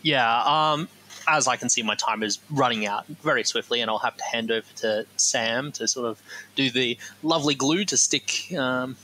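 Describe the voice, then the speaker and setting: A man co-hosting a casual podcast, rambling through his points and often repeating "as such". His voice has a bright, forceful edge. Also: medium pitch, normal speed, a little hiss or hum, rough recording. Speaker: podcast co-host. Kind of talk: casual discussion.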